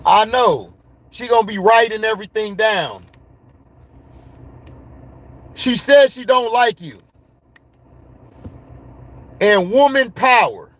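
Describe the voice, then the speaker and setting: Man vlogger, slow-talking and slangy, slightly high voice, blunt casual rant. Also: expressive, no room sound. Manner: blunt, slangy, laughs and gets worked up.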